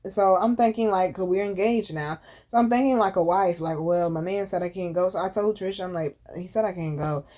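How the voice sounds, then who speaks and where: A woman's voice: lowish voice, a little fast, few pauses, mellow. Candid, profane woman telling a story. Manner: candid, profane, emphatic with slang asides. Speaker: podcast host. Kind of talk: casual storytelling.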